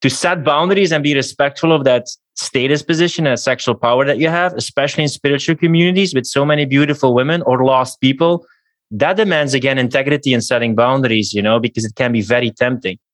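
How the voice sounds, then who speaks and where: A man's voice: medium pitch, fast talker, dry recording, studio quality. A man in casual podcast chat, earnest and opinionated, lecturing steadily.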